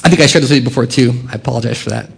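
A man preaching a sermon as a pastor, earnest and expressive, dropping quiet and rising with emphasis. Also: medium pitch, very fast, creaky, breathy edge.

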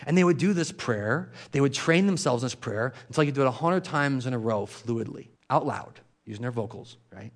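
A man preaching a sermon in a loose, conversational way, like he is chatting with his congregation. His voice sits in a middle pitch, and he scatters fillers and quick asides through the talk. When he recites prayers, he sinks to a soft, hushed voice. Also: lively intonation. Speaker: pastor.

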